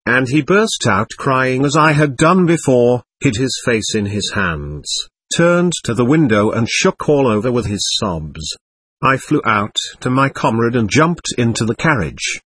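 A man reading a classic novel aloud as first-person narration, earnest and expressive. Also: mid-range voice, a little slow, husky, no room sound.

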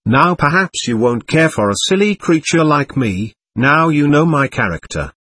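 A man voicing a sly, coquettish young woman who speaks in a soft, even, sugary drawl in an audiobook reading. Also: a little high, normal speed, husky, no echo, heavily acted.

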